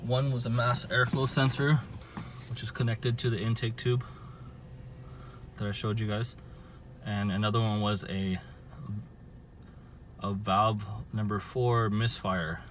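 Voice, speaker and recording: A man's voice: lowish voice, fairly even intonation, unhurried, long pauses, a bit bright, slight background noise. A man from Southern California, filming a casual vlog outdoors by his car and explaining car trouble in a rambling way, full of fillers and restarts. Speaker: car owner vlogger.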